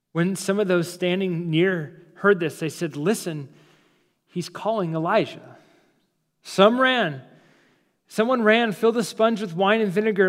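A man, a pastor, preaching a sermon with dramatic pauses, slowing down and dropping soft for emphasis, in a church sanctuary. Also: sits high, in a large hall. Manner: dramatic preaching, slows and drops to near-silence for emphasis.

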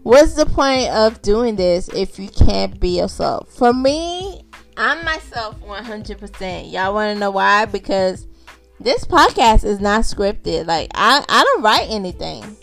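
A woman's voice: mid-range voice, big pitch swings, measured pace, vocal fry, fairly bright tone. A chatty woman hosts her podcast with loose, unscripted talk. She repeats her phrases and speaks straight to her listeners as y'all. Faint music plays underneath her voice. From Haitian background. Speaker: podcast host.

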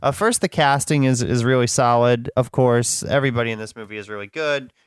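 A man's voice: mid-range voice, a little fast, clean tone, no room sound, studio quality. A man co-hosting a podcast, chatting casually about a film and rambling with lots of fillers. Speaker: podcast co-host. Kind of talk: casual chat.

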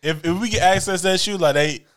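A man's voice: sits high, brisk. A man co-hosting a casual chat, telling stories with slang and frequent laughter. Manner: animated, laughing, slangy storytelling. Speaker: podcast co-host. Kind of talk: casual chat about sneakers.

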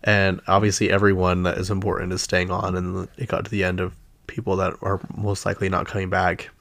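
A man's voice: deep voice, monotone, fairly quick, vocal fry, fairly bright tone. A man with a Utah accent hosting a casual pop-culture chat, chatty and easily exasperated, with lots of fillers. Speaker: podcast host.

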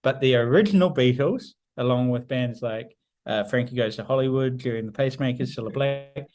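A man's voice: medium pitch, a little fast, darkish tone. A man in a mid-range voice co-hosts a casual podcast. He talks in a dry, teasing way and keeps repeating himself to steer the conversation back on track. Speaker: podcast co-host.

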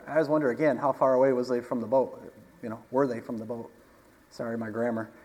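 A man's voice: medium pitch, fairly even intonation, fast, a little mellow, husky. A man preaching a casual sermon, talking conversationally, asking the congregation questions and chuckling often. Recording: long hall reverb.

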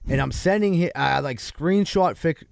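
A man's voice: a little high, moderate pace, gravelly, dry recording, studio quality. A man hosting a podcast, telling a crude prank story with lots of laughing and acted-out messages. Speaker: podcast host. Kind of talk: casual storytelling.

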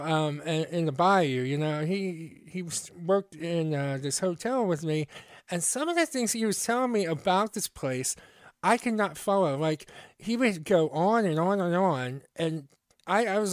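A man's voice: high-pitched, animated, moderate pace, dry recording, clean studio sound. A man from the Pittsburgh area hosting a podcast, telling rambling, profane stories in casual chat. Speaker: podcast host.

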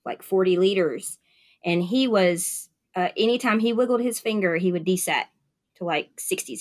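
A woman's voice: medium pitch, a bit bright. Southern woman nurse, mid-range voice, chatty and upbeat, interview guest. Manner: chatty, upbeat storyteller with many fillers. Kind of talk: casual interview conversation.

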